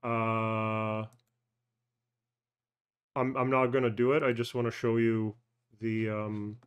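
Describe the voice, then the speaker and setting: A man hosting a personal finance channel, thinking aloud through a casual live screen-share walkthrough, halting with fillers and self-corrections. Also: lowish voice, little pitch movement, clean tone, lo-fi sound. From Canada.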